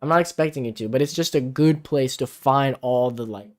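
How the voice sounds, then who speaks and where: A man's voice: mid-range voice, fairly quick, darkish tone. A man co-hosting a casual livestream from home, chatting and reading viewer comments aloud. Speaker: livestream co-host. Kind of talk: casual live-stream chat. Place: home in the Philippines. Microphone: camera-mounted mic, out of frame.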